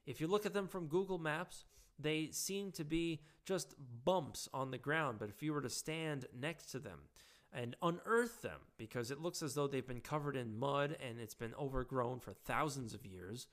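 A man giving a halting, casual monologue with frequent restarts, his voice hoarse and giving out. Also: mid-range voice.

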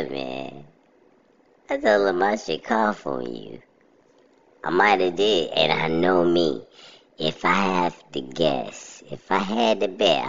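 A man's voice: a bass voice, creaky, a bit bright. A young man, telling a story in a laid-back, chuckling way during an interview. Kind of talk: casual storytelling. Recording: slightly muffled audio.

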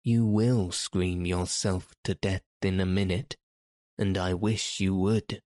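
A man's voice: low voice, little pitch movement, slow pace, darkish tone, no room sound, studio quality. A man reading aloud, voicing a fierce, bossy little girl who scolds sharply. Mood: furious.

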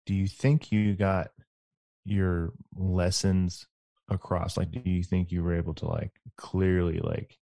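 Deep, gravelly male host, mellow and questioning. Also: flat delivery, measured pace, dry recording, clean studio sound. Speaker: podcast host. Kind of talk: casual podcast chat.

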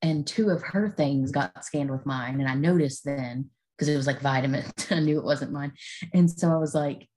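A woman chats on a podcast, relaxed and agreeable, laughing easily. Her voice sits very low for a woman. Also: normal speed, poor audio. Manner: laid-back, agreeable, easy laughs. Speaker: podcast co-host. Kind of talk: casual chat.

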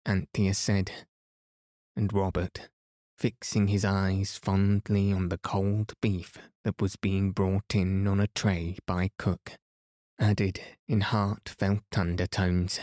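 Slow soothing male bedtime reader. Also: deep voice, flat delivery, darkish tone, no echo, clean studio sound. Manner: soothing, unhurried. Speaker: sleep podcast reader. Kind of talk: slow bedtime story reading.

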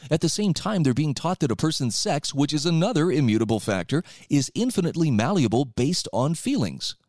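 A man's voice: a little high, big pitch swings, fairly quick, darkish tone, dry recording, studio quality. A man hosting a talk radio show, reading out and commenting on articles in a sarcastic, opinionated way.

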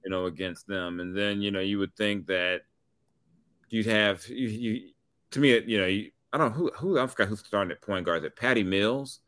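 A man co-hosting a sports talk show, rambling and animated, with many restarts. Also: lowish voice, normal speed, no echo. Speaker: sports radio co-host.

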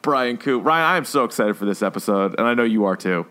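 A man's voice: medium pitch, expressive, fast talker, bright, forceful tone. A man hosting a podcast in casual chat, joking, laughing and swearing freely. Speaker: podcast host.

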